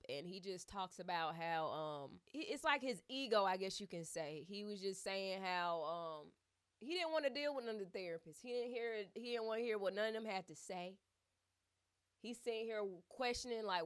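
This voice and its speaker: A woman's voice: medium pitch, clean tone. A woman giving a casual, chatty commentary, retelling a story with lots of fillers and asides. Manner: chatty and animated, with many fillers.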